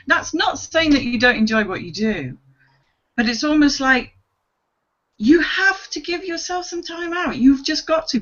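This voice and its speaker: Lively woman on a lo-fi call. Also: fairly high pitch. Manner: animated, laughs often, acts out inner thoughts. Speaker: co-host. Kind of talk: casual group video chat. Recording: dull lo-fi video call audio.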